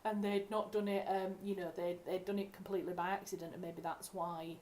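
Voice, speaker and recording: A woman's voice: on the low side, little pitch movement, fairly quick, a little mellow, a little hiss or hum. A young woman from England, a writer hosting a casual livestream at home, talking in a chatty, rambling way and correcting herself as she goes. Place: home room.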